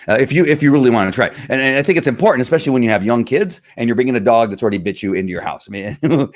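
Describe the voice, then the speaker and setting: Middle-aged male dog trainer, casual and animated, low voice, dry close-mic sound. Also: no echo. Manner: animated, acts out owners in higher voices, laughs often. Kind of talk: casual livestream talk.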